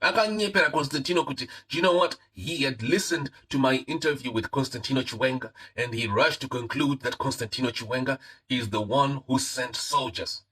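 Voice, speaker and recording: A man's voice: mid-range voice, brisk, few pauses, bright, forceful tone, husky, poor audio. A man with a Zimbabwean accent giving heated live-stream political commentary, repeating his points and mixing in Shona phrases.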